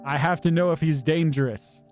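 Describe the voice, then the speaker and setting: A man's voice: on the high side, fairly quick, darkish tone, soft background music, natural voice. A man doing a terse raccoon detective. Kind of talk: game dialogue read aloud.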